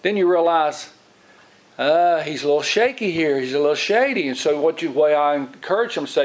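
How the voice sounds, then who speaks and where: A middle-aged man preaching an informal Bible lesson in a slightly higher-pitched voice. He rambles, restarts his sentences and repeats words, and he often acts out other people's lines as he goes. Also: animated, normal speed, rough recording. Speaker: lay preacher, Bible teacher. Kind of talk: informal sermon.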